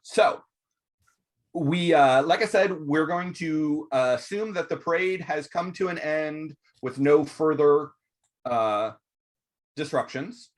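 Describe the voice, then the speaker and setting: A man's voice: a little high, takes it slowly. Man running a tabletop game, hesitant. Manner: relaxed, many ums and uhs. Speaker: game master. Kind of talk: narrating a tabletop game recap.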